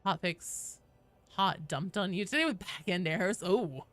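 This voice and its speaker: A woman in her thirties streaming a game, chatting casually with viewers, joking and sometimes bursting into loud swearing. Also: on the low side, unhurried, pauses often. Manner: chatty and jokey, breaks into loud swearing outbursts. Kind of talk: casual live-stream chat answering viewers.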